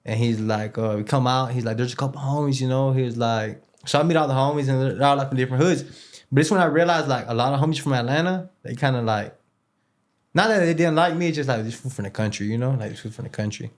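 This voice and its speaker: An interview guest with a mid-range voice and quick pace tells a rambling prison story in casual fashion. He uses loose street slang sprinkled with Spanish words, and his talk is full of fillers and repeated words.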